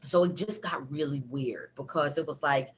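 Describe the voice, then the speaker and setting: Low husky woman chatting, laughs a lot, tells a story all animated. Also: normal speed. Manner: animated, laughing, lots of fillers. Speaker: guest. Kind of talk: casual storytelling chat.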